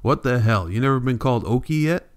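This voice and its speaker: A man's voice: medium pitch, animated, fairly quick, clean tone, close to an everyday voice. A man reading the part of a weary, bitter migrant farmer father in blunt rural folk speech, for an audiobook.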